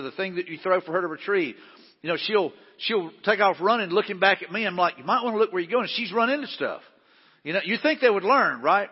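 A man's voice: high voice, husky. A middle-aged man preaching a sermon, folksy and conversational, often restarting his sentences. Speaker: pastor. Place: large church hall. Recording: muffled hall recording with long reverb.

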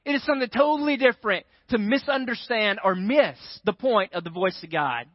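A man's voice: high voice, fairly quick, no room sound. A man preaching a sermon, telling a story with animation and checking in with the crowd. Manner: animated storyteller, keeps asking the crowd "right?". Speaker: pastor. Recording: dry, dull lo-fi sound.

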